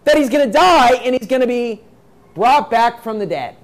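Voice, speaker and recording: A man preaches a sermon, reading scripture aloud and explaining it in plain, emphatic language while repeating his points and acting out quoted voices. His voice is extremely high-pitched and expressive, delivered at a moderate pace.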